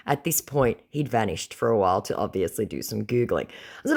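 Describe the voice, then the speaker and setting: A woman's voice: very deep voice, very animated, normal speed. A woman retelling a chat with a scammer aloud, sarcastic and mocking. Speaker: scam-baiting creator.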